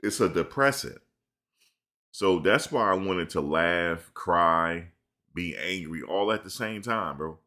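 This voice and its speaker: A man talks loosely into his streaming camera, with a very low voice. His tone is bright and forceful as he rambles through slangy stories and answers viewers' questions. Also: lively intonation, slow pace. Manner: loose, rambling storytelling with slang, reads chat questions aloud. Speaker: live-stream commentator. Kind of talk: casual live-stream chat. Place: at home in front of a camera.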